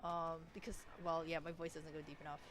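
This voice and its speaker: A woman's voice: low-pitched, flat delivery, a little fast, noisy background. A young woman streamer with a nasal voice, chatting casually and rambling with lots of restarts while she plays a game. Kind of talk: casual chat while gaming.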